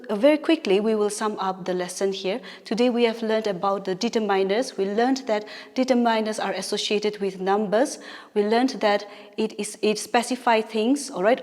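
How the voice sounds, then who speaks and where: A woman's voice: medium pitch, darkish tone. A woman with a Naga English accent, teaching a grammar lesson patiently and often checking in with "all right?". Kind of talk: classroom lesson. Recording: reverberant room with long echo.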